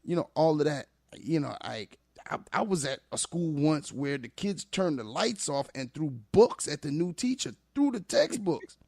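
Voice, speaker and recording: A man who works as a teacher, talking as a guest on a podcast, telling animated, emphatic stories. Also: a little high, moderate pace, vocal fry, no echo, clean studio sound. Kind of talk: casual podcast conversation.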